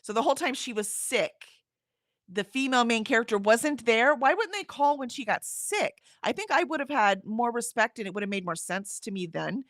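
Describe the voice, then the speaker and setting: A woman's voice: on the high side, moderate pace, a bit bright, no room sound, studio quality. A middle-aged woman from Houston, chatting casually on a livestream, rambling and laughing as she reads out comments. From Houston, Texas. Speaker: livestream host. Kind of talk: casual chat reading comments.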